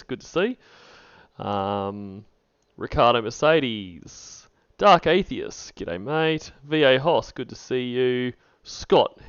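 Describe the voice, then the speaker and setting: A man hosting a livestream, laid-back, greeting viewers by name with many pauses. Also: mid-range voice, clean tone, no echo, lo-fi sound. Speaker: livestream host. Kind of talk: casual stream chat.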